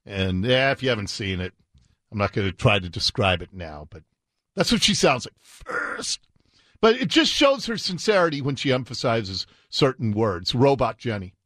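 A man's voice: very animated, moderate pace, a bit bright, no room sound, clean studio sound. A man in his fifties hosting talk radio, mocking and sarcastic in his commentary. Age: 50s. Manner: sarcastic, mocking, swings in pitch. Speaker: radio host.

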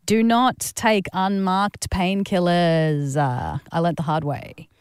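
A woman's voice: on the low side, slow pace, clear, resonant tone, no echo, studio quality. Chatty woman in her thirties. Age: 30s. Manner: chatty, animated storyteller. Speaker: radio breakfast co-host. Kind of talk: casual radio chat, storytelling.

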